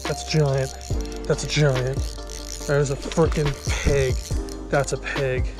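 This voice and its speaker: Excitable man fishing by a pond. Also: mid-range voice, slow, music in the background. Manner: excited, repeats himself, exclaiming. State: shaky with excitement. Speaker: fishing vlogger. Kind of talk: excited outdoor fishing vlog. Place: outdoors by a small pond.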